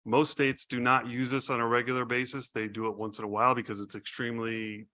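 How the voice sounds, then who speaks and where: A man's voice: medium pitch, flat delivery, fairly quick, pushed and bright. A man, a bear biologist, explaining a population study in a matter-of-fact way at a hearing. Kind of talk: expert testimony.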